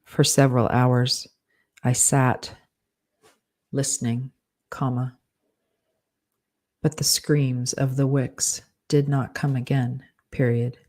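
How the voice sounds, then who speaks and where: Man slowly dictating with punctuation aloud. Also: medium pitch. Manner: slow, even dictation that speaks every comma and period aloud. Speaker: author dictating a novel.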